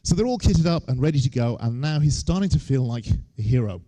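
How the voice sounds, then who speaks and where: A man's voice: mid-range voice, lively intonation, a little fast, dark tone. A man, giving a humorous lecture on stage with wry, joking asides. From England.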